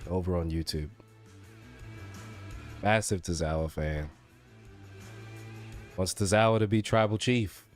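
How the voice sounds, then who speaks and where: Low-voiced laid-back male streamer. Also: measured pace, pauses often, soft background music. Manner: laid-back, chuckles, talks to chat. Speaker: streamer reacting to wrestling. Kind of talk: casual live reaction chat.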